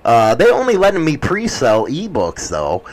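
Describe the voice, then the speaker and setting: A man's voice: fairly high pitch, huge pitch swings, moderate pace, rough recording. A middle-aged man hosting a show, trading crude, profane teasing in casual banter. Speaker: show host.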